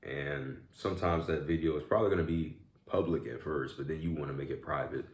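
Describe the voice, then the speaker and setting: Young guy, deep low voice, laid back rambly chat, lots of "y'all", echoey room. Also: a little fast, gravelly, a little hiss or hum. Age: young adult. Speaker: YouTube vlogger. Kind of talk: casual mukbang chat.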